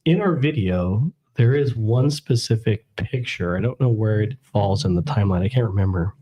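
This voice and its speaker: A man co-hosting a casual talk stream, explaining things in a measured way. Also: on the low side, warm tone, breathy edge, muffled recording. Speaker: podcast co-host. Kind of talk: casual chat.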